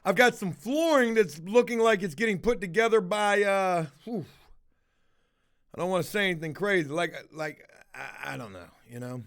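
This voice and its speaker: A man's voice: high-pitched, lively intonation, moderate pace, smooth. A man hosting a casual livestream, answering chat in a blunt, rambling, heavily profane way. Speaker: livestream host reading chat.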